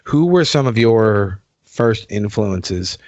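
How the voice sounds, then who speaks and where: A man's voice: fairly low pitch, animated, slow pace, a little mellow, no room sound. A man in his forties hosting a podcast, rambling in casual chat and swearing freely. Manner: rambling and profane. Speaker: podcast host. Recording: dull dry lo-fi sound.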